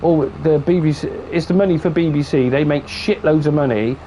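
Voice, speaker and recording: A man with a high voice chats away while he streams a farming game. He tells long stories, swears freely and acts out what other people said. A faint hiss sits under his voice. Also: fairly quick, warm tone. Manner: chatty storyteller, swears freely, acts out dialogue. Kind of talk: casual chat while gaming.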